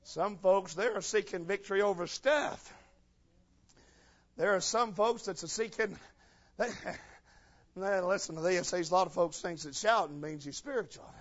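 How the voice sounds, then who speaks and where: A man preaching a folksy sermon, swinging from shouted passages to low, quiet talk. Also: unhurried, pauses often, dull audio.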